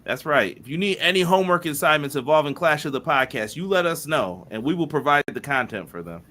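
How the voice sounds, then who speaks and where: A man's voice: fairly high pitch, animated, brisk. A man co-hosting a wrestling podcast, casually reading out viewer chat messages and greeting people by name. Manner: upbeat, reads chat messages aloud, shouts out viewers. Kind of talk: casual live-stream chat.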